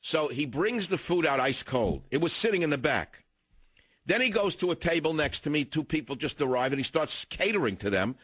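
A man's voice: a little high, big pitch swings, brisk, fairly bright tone, husky, no room sound. An older man hosting a talk radio show, telling indignant stories in a ranting, opinionated monologue into a studio mic.

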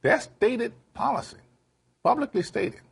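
Very husky man answering emphatically. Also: extremely high pitch, lively intonation, a little slow. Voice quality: emphatic, repeats key phrases. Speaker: interviewed actor. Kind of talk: TV interview answers.

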